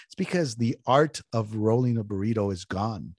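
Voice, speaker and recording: A middle-aged man from California chatting casually as a podcast host, telling stories with big swings in pitch and cursing when annoyed. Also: fairly quick, dry recording, studio quality. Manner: animated storyteller, swears freely, jumps in pitch when riled up. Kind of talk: casual chat.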